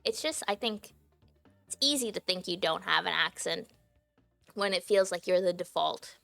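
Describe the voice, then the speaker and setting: A woman's voice: on the low side, lively intonation, moderate pace, creaky, a bit bright, dry recording, soft background music. A young adult woman streaming, chatting casually to her viewers, giggly and filling her talk with "like". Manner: chatty and giggly, heavy use of "like" fillers. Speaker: livestreamer.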